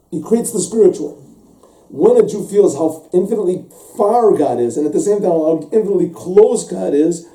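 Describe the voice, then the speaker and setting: A man's voice: high voice, dark tone. A man teaching a religious text class as a rabbi, explaining at length, repeating words and acting out little dialogues. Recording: echoey room, mic set far off.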